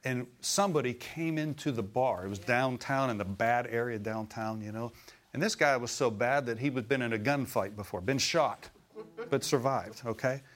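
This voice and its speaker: Middle-aged male preacher, anecdotal sermon delivery, bursts of emphasis, mid-pitched voice. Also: normal speed, a bit bright. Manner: storytelling, rising to emphatic exclamations.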